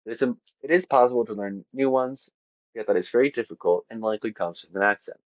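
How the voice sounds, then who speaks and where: A man's voice: medium pitch, fast, no room sound, lo-fi sound. A man narrating an informal lesson on linguistics, casual and self-deprecating with offhand asides. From half Latvian. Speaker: educational video host.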